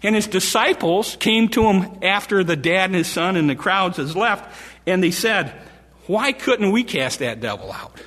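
Male preacher, high voice, animated sermon, restarts sentences, echoing hall. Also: unhurried. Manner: animated, retelling scripture in everyday speech with restarts.

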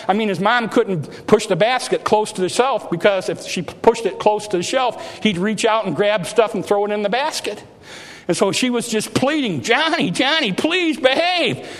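High-voiced preacher in a reverberant hall. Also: male voice, moderate pace. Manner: emphatic preaching with rising exhortations. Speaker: pastor. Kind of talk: sermon. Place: church sanctuary.

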